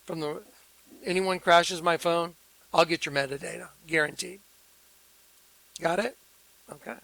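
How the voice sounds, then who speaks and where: Sarcastic high-voiced man ranting. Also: creaky, fairly bright tone, dry recording, poor audio. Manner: sarcastic, combative, repeats himself; preachy religious language. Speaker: video host. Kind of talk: ranting monologue to camera.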